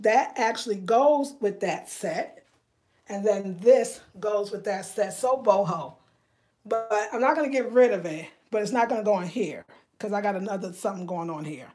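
A woman's voice: mid-range voice, normal speed, darkish tone. A middle-aged woman, chatting casually on a home decor livestream and greeting viewers by name. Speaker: home decor vlogger hosting a live chat. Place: home living room.

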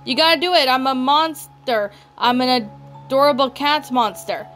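A woman's voice: sits high, normal speed, fairly bright tone. A woman voicing a frightened young boy whose body is turning into cats, pleading and wailing, with music underneath. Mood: urgent.

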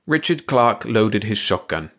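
A man reading a short story aloud as an audiobook narrator, in a measured, even storytelling delivery. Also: fairly low pitch. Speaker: audiobook reader.

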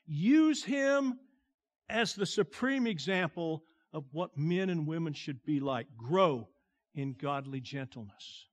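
A male pastor with a fairly high voice preaching at an unhurried pace. He lingers over each phrase, drops to a near-hush on tender lines, and lifts his voice to stress the important ones. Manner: slow, deliberate preaching that drops to a hushed tone and swells on emphasis. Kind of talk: sermon.

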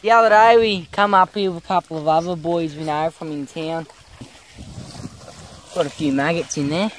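A man's voice: a little high, fairly even intonation, normal speed, slight background noise. A young Australian man chatting casually outdoors by a creek, laid-back and slangy, calling everyone mate. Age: young adult. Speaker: vlogger.

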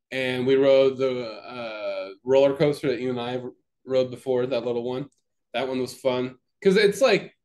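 Young guy rambling thru a story on his podcast, lots of likes and ums, swears a bunch. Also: medium pitch. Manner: rambling, profane, lots of fillers and restarts. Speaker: podcast co-host. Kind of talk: casual chat.

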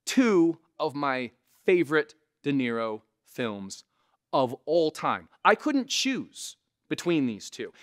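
A man with a resonant voice, a comedian casually teaching impressions to camera, animated and conversational. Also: fairly high pitch. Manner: animated, conversational, frequent "right?" asides. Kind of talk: casual instructional talk to camera.

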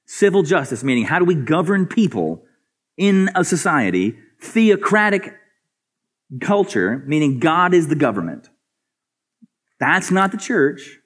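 Earnest male pastor preaching a sermon. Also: breathy edge. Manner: earnest preaching with rhetorical questions and repeated words; swings between soft, low asides and raised, higher emphatic passages.

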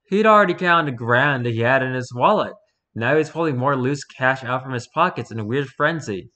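A man casually reading a spooky first-person story aloud, relaxed and unpolished, stumbling and correcting himself as he goes. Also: mid-range voice, fairly quick. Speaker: story reader.

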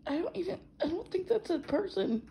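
A woman's voice: very high-pitched, big pitch swings, gravelly, warm tone, slight background noise. A woman chatting along as a co-host, amused and laughing often. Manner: amused, laughs a lot, slow drawl. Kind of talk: casual chat.

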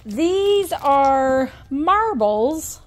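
A woman with a slightly high voice runs a casual show-and-tell vlog about her antique finds. She talks in a friendly, rambling way, gushes over cute items and drops playful asides. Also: very animated, extremely slow. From Indiana. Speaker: antique shop owner and reseller vlogger.

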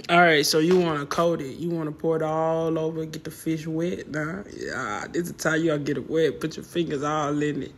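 Slangy, joking home cook vlogging from the kitchen; relaxed banter, medium pitch, faint hiss behind. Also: normal speed. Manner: slangy, joking and laid-back. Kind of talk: casual cooking vlog chat.

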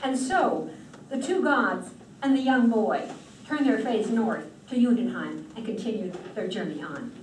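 A woman telling a myth to an audience, with expressive, dramatic delivery. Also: medium pitch, measured pace, slight background noise. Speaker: storyteller. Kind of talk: storytelling performance. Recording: roomy distant hall mic.

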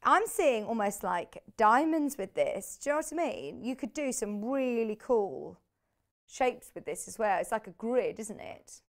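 A woman's voice: a little high, expressive, unhurried. Chatty woman selling on TV. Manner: chatty and bubbly, laughs easily. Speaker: shopping channel presenter. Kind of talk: live TV product selling. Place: TV studio.

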